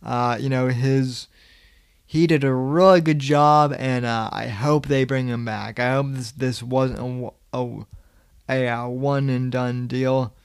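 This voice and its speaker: A man's voice: mid-range voice, steady tone, takes it slowly, vocal fry, clean tone, no room sound. A young man hosting a podcast, rambling casually with many fillers and the odd swear. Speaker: podcast host.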